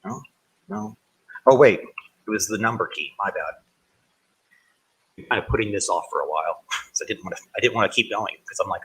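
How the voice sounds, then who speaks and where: He has a lowish, sing-song, somewhat bright and husky voice, speaking at normal speed with frequent pauses on a rough recording. While playing on a live stream, this man chats casually, greets viewers by name warmly, and rambles with many self-corrections.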